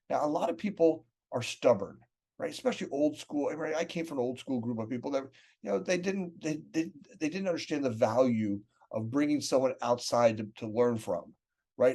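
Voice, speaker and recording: A man's voice: medium pitch, a little mellow. A man in casual business chat, rambling and repeating words, often tagging sentences with "right?".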